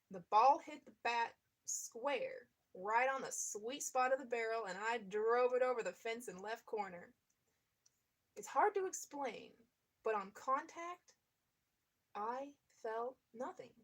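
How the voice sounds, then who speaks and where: A woman reading a memoir aloud in a steady voice, now and then stopping to comment on it and laugh. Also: on the high side. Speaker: reader.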